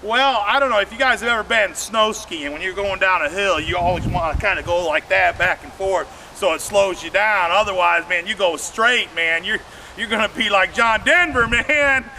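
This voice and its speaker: A man with a high, very bright voice tells rambling stand-up stories and keeps calling out to the crowd. He performs his comedy set outdoors, and a faint hiss of noise runs under his voice. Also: normal speed. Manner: rambling storytelling, addresses audience directly.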